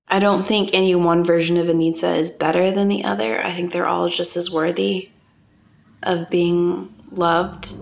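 A woman podcast host speaking in a warm, measured, affirming way during a casual, heartfelt conversation. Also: lowish voice, vocal fry.

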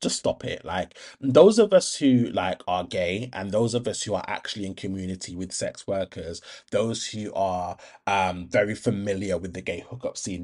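A man's voice: low-pitched, darkish tone, husky. A young man hosting a podcast, giving a blunt, impassioned monologue with frequent swearing, restarts and ums. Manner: rambling with many restarts and ums. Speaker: podcast host.

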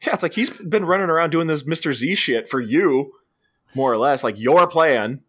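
A man's voice: on the high side, animated, normal speed, slightly rough. A man co-hosting a podcast, casually retelling a film's scenes and jumping into quoted voices. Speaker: podcast co-host. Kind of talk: casual movie review chat.

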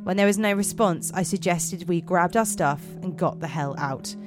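Low-voiced woman reading a horror tale. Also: normal speed, over music. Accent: put-on American. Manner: dramatic, giggly reading with slips. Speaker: podcast host and storyteller. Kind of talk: reading horror stories aloud.

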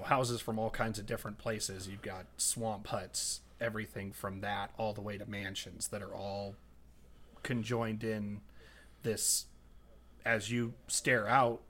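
A man narrating as game master, unhurried and searching for his words. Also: lowish voice, a bit bright.

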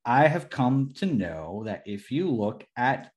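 Excitable, swearing young man. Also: mid-range voice, slow pace. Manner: swears freely, excitable, laughs often. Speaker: podcast co-host. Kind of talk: casual chat.

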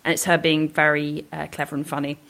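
A woman co-hosting a podcast, an author, chatting with an enthusiastic, animated manner from home. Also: deep voice, fairly quick, vocal fry. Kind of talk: casual chat. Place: home, recording remotely.

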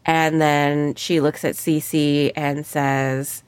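A woman's voice: deep voice, little pitch movement, takes it slowly, smooth, no echo. A woman playing a tabletop game, narrating her character and acting out her lines with playful energy. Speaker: player. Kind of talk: tabletop role-play banter.

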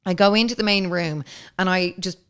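A woman's voice: lowish voice, fairly quick, fairly bright tone, smooth. A woman hosting a podcast, telling a story in a casual, chatty way, full of filler words and swearing. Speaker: podcast host.

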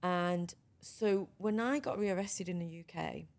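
A middle-aged woman guest telling her own story in a podcast interview, frank and lively, often restarting her sentences. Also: lowish voice, unhurried, creaky.

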